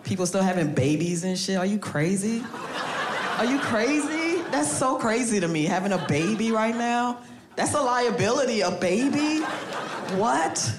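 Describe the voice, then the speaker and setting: A woman's voice: mid-range voice, moderate pace. A woman doing a stand-up comedy set on stage, brash and profane, laughing through her punchlines. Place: comedy stage before a live audience. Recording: roomy club sound with crowd noise.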